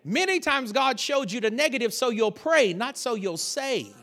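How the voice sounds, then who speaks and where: A man preaching a lively sermon, telling a story with laughter and sudden shouted bursts. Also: very high-pitched, moderate pace. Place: church sanctuary.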